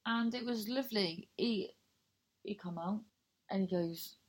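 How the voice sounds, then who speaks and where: A woman's voice: mid-range voice, measured pace. A young woman telling a rambling, sweary personal anecdote in a casual chat, breaking into laughter and digressions.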